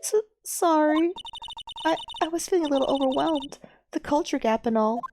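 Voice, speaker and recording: A woman's voice: high-pitched, normal speed, music in the background, voice pushed up. A woman voicing a shy, cheerful teenage girl sidekick, timid and bubbly.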